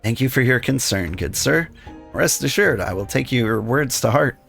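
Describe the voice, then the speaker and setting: A man voicing a timid young peasant milkmaid in a polite falsetto. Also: animated, moderate pace, creaky, fairly bright tone, faint music behind.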